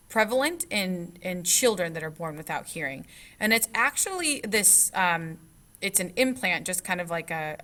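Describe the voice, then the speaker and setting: Young woman teacher, slide-lecture voice-over: bright tone, slightly low pitch, loose and filler-heavy delivery. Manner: conversational, many fillers and restarts.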